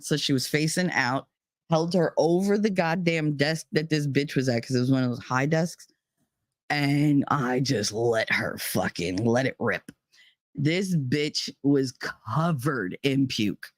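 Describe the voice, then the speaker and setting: A young adult woman hosting a podcast, telling a story with heavy profanity, her voice climbing into yelling in the tense parts. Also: a bass voice, a little slow, no echo, studio quality. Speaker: podcast host. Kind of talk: storytelling monologue.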